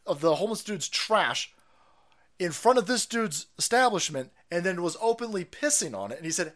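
A man with a high, bright voice rants through a live stream, swearing hard and cackling at his own jabs. His pitch swings wide as he shifts between scorn and shouting. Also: very animated, fairly quick. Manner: loud, swearing, laughing at his own jokes. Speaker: stream host. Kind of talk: profane political rant.

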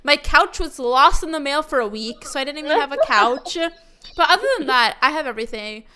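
Bright-voiced young woman, breezy chat. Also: high voice, animated, brisk. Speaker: podcast co-host. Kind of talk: casual chat.

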